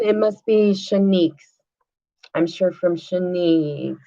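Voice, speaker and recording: A woman's voice: on the low side, slow, mellow. A middle-aged woman venting casually on her live stream, rambling and swearing, often asking "you know what I mean". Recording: dull lo-fi phone audio.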